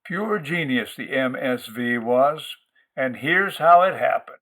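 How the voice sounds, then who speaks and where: A man's voice: medium pitch, expressive, slow, fairly bright tone, low-quality recording. A man hosting and reading an audiobook, narrating a crude first-person story in a wry, sardonic way. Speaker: audiobook reader and host.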